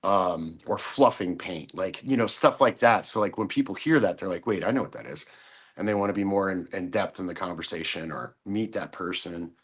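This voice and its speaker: Low-voiced man telling rambling stories. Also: moderate pace, a bit bright, breathy edge. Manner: rambling, many fillers, acts out quotes. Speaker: podcast guest. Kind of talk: casual chat.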